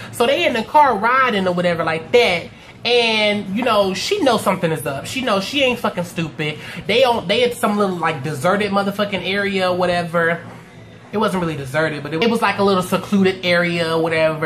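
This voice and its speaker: Woman, casual TV recap, animated and profane, faint background noise. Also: mid-range voice. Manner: animated, acts out characters' lines in quotes. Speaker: TV recap reviewer.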